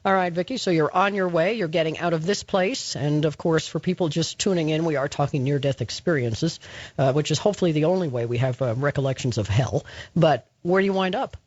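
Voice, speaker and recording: A man hosting a radio talk show who interviews a guest in a measured way, pausing on fillers. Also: on the high side, no room sound. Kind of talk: late-night radio interview. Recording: dry, muffled studio sound.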